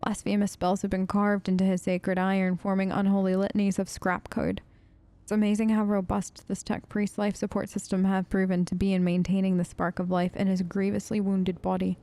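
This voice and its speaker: A woman's voice: medium pitch, little pitch movement, a little fast, dark tone, no room sound. A woman hosting a let's play, chatting casually and reading game text aloud with restarts and asides.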